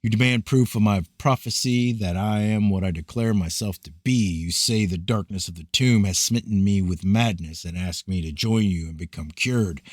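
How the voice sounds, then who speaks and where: A man with a deep voice reads an ancient scripture aloud, slow and grave like a prophet's address. His delivery is measured and declamatory. The sound is dry, with no room echo. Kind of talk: solemn scripted reading of scripture.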